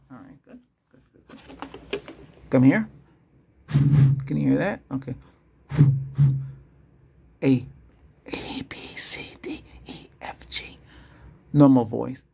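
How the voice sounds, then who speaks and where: A man in whispered role-play as a doctor, talking in a chatty, rambling way, laughing often and moving between a whisper, a soft voice and his normal voice. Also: medium pitch, vocal fry, a little hiss or hum.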